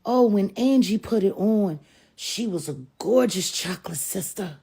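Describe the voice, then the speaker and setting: A middle-aged woman giving a heated, profane live stream rant that swings between sharp insults and weary muttering. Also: mid-range voice, expressive, a little slow, creaky, breathy edge.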